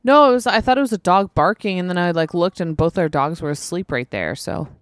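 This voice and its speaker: A woman's voice: fairly low pitch, expressive, brisk, dry recording, studio quality. Chatty woman telling stories. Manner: chatty, acts out quoted exchanges. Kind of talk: casual chat, storytelling.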